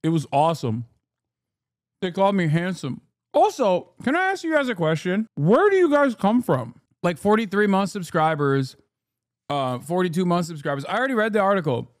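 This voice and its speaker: A man's voice: sits high, no room sound, clean studio sound. A man reacting on a live stream, arguing with a clip and joking with his chat in a heated, profane way.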